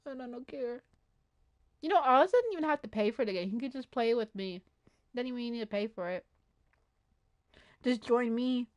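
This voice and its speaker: A woman streaming a video game, chatting excitedly to herself and her viewers, often gasping and saying she is freaking out. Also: on the high side, moderate pace, long pauses, dull audio. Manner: excitable, gasping, talks to herself while playing. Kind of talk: casual gaming livestream chatter.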